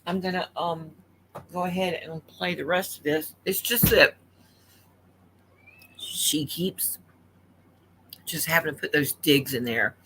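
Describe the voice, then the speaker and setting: Bright-voiced indignant woman ranting. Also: deep voice, measured pace, pauses often, a little hiss or hum. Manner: indignant, blunt, repeats herself for emphasis. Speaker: livestream commentator. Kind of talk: opinionated commentary rant. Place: home, late at night.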